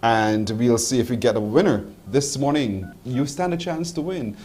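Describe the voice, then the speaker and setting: A man's voice: medium pitch, moderate pace, noisy background. A Barbadian man hosting a live morning TV and radio show, chatting playfully with a caller and laughing often. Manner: playful, laughs a lot, teasing.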